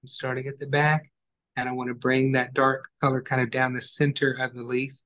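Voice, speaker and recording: A man teaching an online acrylic painting class, giving calm, step-by-step instructions as he works. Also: medium pitch, fairly quick.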